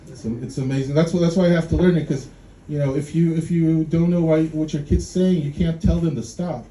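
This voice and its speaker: A man's voice: fairly high pitch, fairly even intonation, fairly quick, dark tone. Self-mocking stand-up man in echoey club. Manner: rambling, self-mocking, stammering restarts. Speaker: stand-up comedian. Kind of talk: stand-up comedy set. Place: comedy club stage before a live audience. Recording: echoey club room with faint noise.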